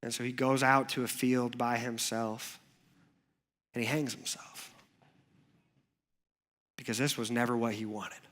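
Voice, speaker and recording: This male youth pastor preaches in a church in an unhurried, mid-range voice, leaving long pauses. He tells the story like a storyteller, moving from whispered quiet to lively energy.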